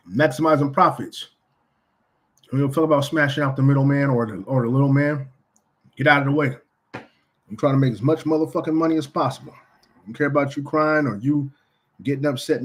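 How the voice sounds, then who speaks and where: A man's voice: on the high side, darkish tone, husky, poor audio. Profane, blunt man ranting casually. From California. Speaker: vlogger.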